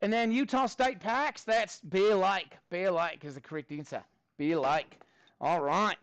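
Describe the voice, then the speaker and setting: High-voiced upbeat male math teacher. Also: unhurried, fairly bright tone, dry recording. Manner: upbeat and chatty, jokes with students. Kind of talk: classroom lesson. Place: classroom.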